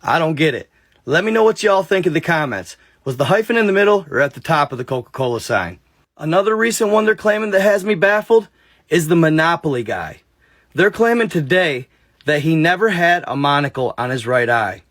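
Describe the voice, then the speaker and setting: A man's voice: fairly high pitch, expressive, brisk, a bit bright, dry recording. A man narrating a story and chatting casually to his viewers, addressing them directly. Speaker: narrator and vlogger.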